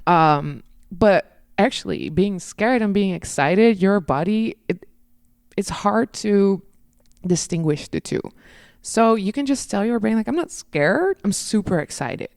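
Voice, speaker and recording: Woman podcast guest, chatty and animated, dry close sound. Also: medium pitch, slow, clean tone, no echo. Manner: animated, laughs at herself, acts out quotes. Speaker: podcast guest, dance instructor. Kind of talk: casual podcast conversation.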